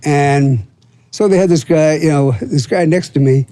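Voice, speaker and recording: This podcast guest is a Florida man in his seventies whose voice runs on the high side, warm and at normal speed, with no room sound. He rambles through casual stories, swearing freely, using plenty of fillers, and performing the quotes.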